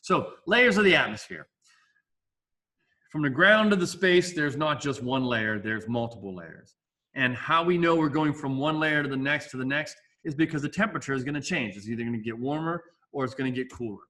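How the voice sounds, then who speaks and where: A man's voice: medium pitch, brisk, sharp tone. A male science teacher giving a casual, jokey classroom lecture with asides.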